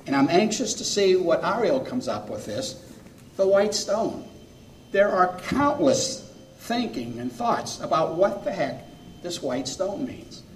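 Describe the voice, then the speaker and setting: A man preaching in earnest, rising loud and dropping to near-quiet from phrase to phrase. His voice sits somewhat high for a man. The mic is far away and the church around him rings with echo. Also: very animated, a little hiss or hum. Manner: earnest, pausing phrase by phrase, swinging between loud and soft. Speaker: pastor. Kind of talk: sermon. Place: church sanctuary. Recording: echoey room, mic far off.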